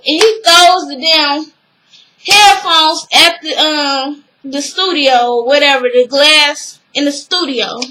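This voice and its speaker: A young woman with a high, bright voice casually recaps a TV episode. She retells the scenes in an animated way, acting out the lines and swearing as she goes. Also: takes it slowly, low-quality recording.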